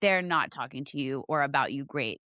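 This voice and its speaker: A young woman co-hosting a podcast in casual chat, expressive and emphatic. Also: very deep voice, normal speed, no room sound. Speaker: podcast co-host.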